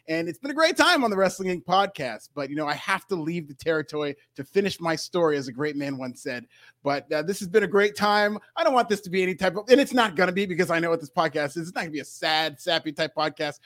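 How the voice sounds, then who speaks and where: A man's voice: sits high, a bit bright, dry recording, clean studio sound. A man co-hosting a podcast, giving a casual news rundown in a laid-back, joking manner. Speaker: podcast co-host.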